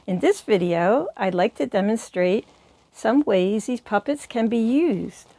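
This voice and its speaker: A woman's voice: medium pitch, expressive, unhurried, warm tone, no echo. A woman hosting a puppetry channel, explaining puppet techniques in an encouraging, teacherly way. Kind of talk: instructional video.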